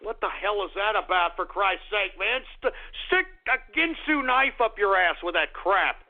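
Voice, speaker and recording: A man hosting a call-in radio show, ranting angrily and swearing with a profane shouting manner. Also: sits high, expressive, normal speed. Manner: angry, profane shouting rants. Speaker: radio host. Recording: tinny lo-fi radio sound.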